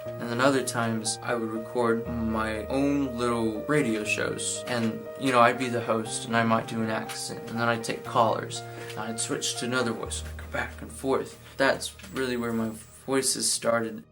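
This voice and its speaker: A man's voice: mid-range voice, little pitch movement, moderate pace, rough recording. A sixteen-year-old boy talking candidly and reflectively about his own life. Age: teenage. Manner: candid, reflective, shifts into playful voices. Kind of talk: personal storytelling. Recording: music playing underneath.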